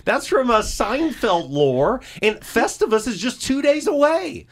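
A man's voice: extremely high pitch, very animated, a little slow. Guy hosting a radio chat show, chatty, voice jumps around a lot, lots of explaining. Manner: chatty, explains history at length, Bible-literate. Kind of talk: casual chat, hosting a quiz.

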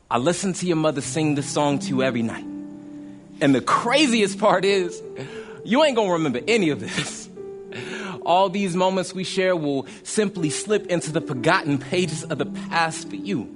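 A man performing a heartfelt spoken word poem, slow and tender. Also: a little high, lively intonation, natural voice. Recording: clip played over music.

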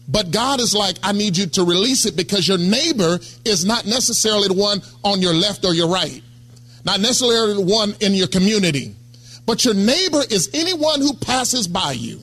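A middle-aged pastor preaches in a high, bright voice. He talks to the congregation like a friend, checking in with them again and again. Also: lively intonation, moderate pace. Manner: conversational preaching, calls out to congregation. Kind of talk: sermon.

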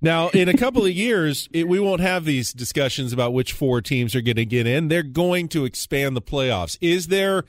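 A man hosting sports radio, asking measured questions and running down the standings. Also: on the high side, dry recording. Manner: steady, measured questioning and stats rundown.

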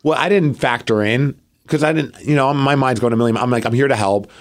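A man's voice: mid-range voice, fairly quick. A man co-hosting a podcast, telling a long story in casual chat and acting out what others said. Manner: animated, acts out quotes of others. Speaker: podcast co-host.

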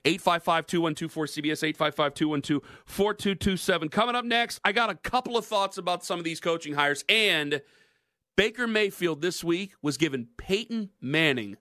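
A man's voice: on the high side, moderate pace, no room sound, clean studio sound. A man hosting a sports talk radio show, arguing his points and teasing his co-host. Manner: animated, teasing banter.

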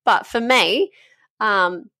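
A woman's voice: medium pitch, extremely slow, bright, forceful tone, no room sound, studio quality. A woman in her thirties with an Australian accent, hosting a casual solo podcast in a frank, chatty way, swearing freely and wandering off topic. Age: 30s. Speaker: podcast host. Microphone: podcast microphone.

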